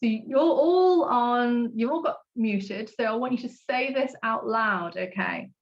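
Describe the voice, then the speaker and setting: A woman coaching a group through tapping points on a video call, gentle and encouraging as she walks through each step. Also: a little high, measured pace, vocal fry, highs cut off. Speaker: self-love coach leading a tapping class.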